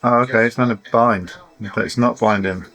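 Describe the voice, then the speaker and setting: A man's voice: mid-range voice, fairly even intonation, moderate pace, fairly bright tone. A man chatting casually as he works on a drone at his workbench, frustrated and self-mocking about his setbacks. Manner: chatty and exasperated, sighing and laughing at setbacks. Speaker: FPV drone hobbyist vlogger. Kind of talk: casual running commentary while tinkering.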